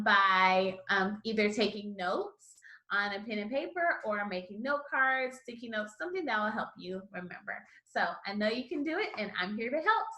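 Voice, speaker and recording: A woman teaching a Spanish lesson, calmly modeling syllables for learners to repeat. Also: fairly high pitch, echoey room. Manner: slow, encouraging, models syllables for repetition. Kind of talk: online language lesson.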